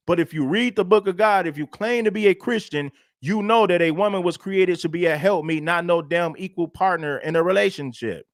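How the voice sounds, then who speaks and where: A man's voice: high-pitched, dry recording, clean studio sound. A male livestream host giving emphatic, preachy, repetitive commentary. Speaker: show host.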